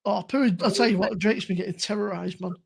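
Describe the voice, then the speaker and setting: A young man chats on a live stream, laughing and teasing his mates as he tells stories. His voice sits high and husky, with a gravelly fry at the ends of phrases. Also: brisk. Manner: laughing, joshing, mimics others. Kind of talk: casual banter.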